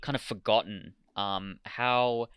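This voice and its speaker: A man's voice: lowish voice, steady tone, slow pace, smooth, dry recording, lo-fi sound. A man co-hosting a casual review podcast, chatty and enthusiastic, with frequent filler ums. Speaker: podcast co-host.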